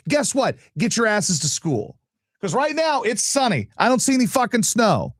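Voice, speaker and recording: A man's voice: high-pitched, big pitch swings, normal speed, no echo, studio quality. A male show host ranting casually, profane, exasperated and sarcastic. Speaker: radio and live-stream host.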